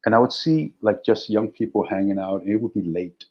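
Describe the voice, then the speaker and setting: A middle-aged man, a guest actor, telling stories in an animated, anecdotal way during a casual interview. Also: fairly low pitch, a little fast. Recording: dull lo-fi audio.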